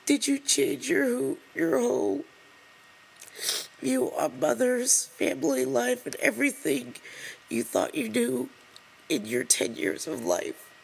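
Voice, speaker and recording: A woman reads an open letter aloud while in tears, her voice deeply gravelly and husky with fry. She speaks slowly and haltingly, stopping to apologize and start over, and her pitch swings widely as she struggles through the words. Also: very animated, poor audio. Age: adult over 20. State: crying, tearful. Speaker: vlogger.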